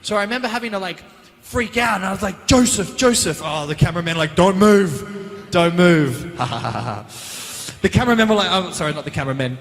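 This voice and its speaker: A man, answering fan questions as a guest actor on a convention panel, chatty and animated, recorded on a handheld mic in a large hall. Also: high voice, fast talker. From Australia. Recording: reverberant hall.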